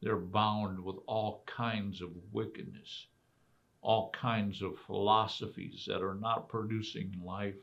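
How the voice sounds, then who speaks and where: Slow gravelly-voiced male preacher. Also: on the low side, little pitch movement, a bit bright. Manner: emphatic preaching with rhetorical questions. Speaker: pastor. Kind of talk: sermon. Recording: dull lo-fi recording.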